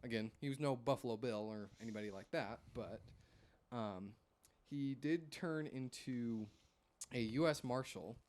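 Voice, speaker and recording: A man's voice: mid-range voice, measured pace, darkish tone. A man co-hosting a podcast, chatting casually in a rambling, hedging way. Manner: rambling, self-deprecating, hedges with "I think". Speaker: podcast co-host. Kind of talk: casual chat.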